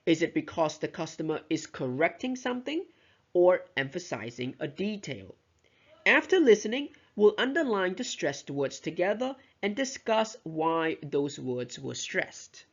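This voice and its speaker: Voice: mid-range voice, sing-song, unhurried. A teacher giving a lecture on pronunciation, explaining step by step and modeling example sentences aloud. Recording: dull, lo-fi recording.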